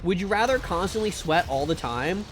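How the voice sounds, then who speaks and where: A man's voice: sits high, animated, normal speed, slight background noise. A man streaming a game live, chatting in a rambling, jokey and crude way. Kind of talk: casual gaming stream chat.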